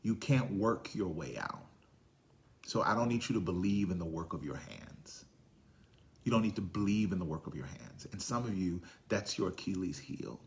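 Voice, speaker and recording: A man preaching a sermon, swinging from hushed, whispered lines to loud, high-pitched storytelling. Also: lively intonation, normal speed, gravelly. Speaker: pastor.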